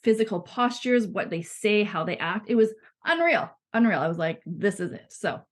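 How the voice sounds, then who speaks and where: A woman's voice: medium pitch, expressive, normal speed. A woman in her thirties talking casually as a podcast guest, chatty, with frequent laughs and fillers. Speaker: guest, body psychotherapy student.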